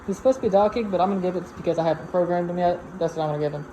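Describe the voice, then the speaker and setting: A woman with a fairly low voice gives relaxed, slangy commentary at home, chatting to a little machine as if it were a friend. A clear hum of background noise runs under the noisy home recording. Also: very fast. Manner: chatty and slangy, talks to the robot like a person. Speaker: product reviewer. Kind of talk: casual unboxing commentary.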